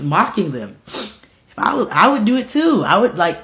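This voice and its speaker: A man's voice: high-pitched, moderate pace. A man preaching casually and earnestly, often stumbling and repeating words as he talks, now and then acting out bold dialogue. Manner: animated, acts out bold dialogue. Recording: dull lo-fi recording.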